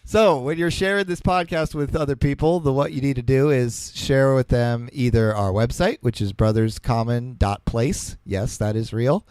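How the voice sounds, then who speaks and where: A man co-hosting a comedy podcast, running through the closing plug in a deadpan, jokey way. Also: medium pitch, normal speed, hardly any pauses, clear, resonant tone, no room sound. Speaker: podcast co-host. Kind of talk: podcast outro read with jokes.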